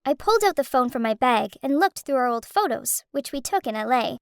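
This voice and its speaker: High, emotional woman narrating a story. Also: lively intonation, brisk, creaky, no room sound, clean studio sound. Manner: emotional, dramatic. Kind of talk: first-person animated story narration.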